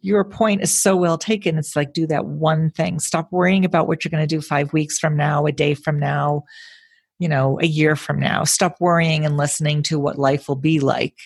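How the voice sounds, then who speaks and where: A woman's voice: low-pitched, fairly even intonation, normal speed, gravelly, slightly rough. A woman hosting a conversation, agreeing with her guest and reflecting on it with a story of her own. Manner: agreeable and reflective, shares matching stories. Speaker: host. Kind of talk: casual conversation.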